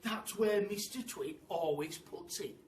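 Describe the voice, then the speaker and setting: A man voicing Mugglewump, a clever father monkey who talks in a calming, determined way. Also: high voice, unhurried, slight background noise, pitched above the performer's own voice. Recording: echoey room, mic at a distance.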